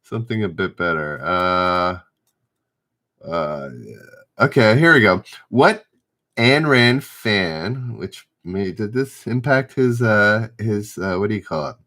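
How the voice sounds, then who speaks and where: A man's voice: fairly low pitch, expressive, slow, bright, forceful tone. A middle-aged man hosting a live-stream trivia game, reading questions aloud, stumbling and rereading, and chatting with viewers. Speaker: trivia host.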